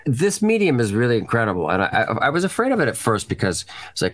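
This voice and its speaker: A man in his late fifties talks as a podcast guest, spinning anecdotes and slipping into other people's voices as he goes. His pitch swoops around a lot, and the sound is dry and close. He swears casually. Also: fast, no room sound. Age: 50s. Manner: animated storyteller, acts out quoted voices, swears freely. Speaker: actor guest.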